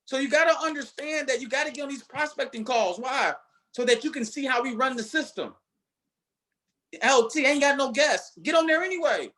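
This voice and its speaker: A man delivers a motivational talk to his marketing team in a very high voice. He preaches with energy and drives his points home by repeating them. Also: quick pace, bright, forceful tone. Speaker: network marketing leader.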